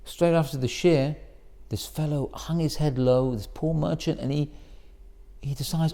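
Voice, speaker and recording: A middle-aged man, a rabbi, telling a story in a sermon and acting out the voices of the people in it. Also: measured pace. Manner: animated storyteller, acts out quoted voices in a higher pitch. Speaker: rabbi giving a Torah talk.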